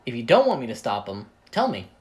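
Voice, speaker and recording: A man reads his own fan story in a casual, rambling way, often cutting himself off and joking between scenes. His voice sounds a little tired, and his pitch jumps around a lot as he talks. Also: wildly swooping pitch, brisk, darkish tone. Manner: rambling, self-interrupting, jokey. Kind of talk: casual story reading with asides. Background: video game playing.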